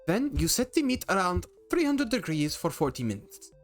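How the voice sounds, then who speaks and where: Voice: mid-range voice, very animated, moderate pace, soft background music, voice pushed up, close to an everyday voice. A streamer voicing a posh woman cook who speaks with a put-on French accent, in a grand, theatrical manner. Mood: grandly instructive.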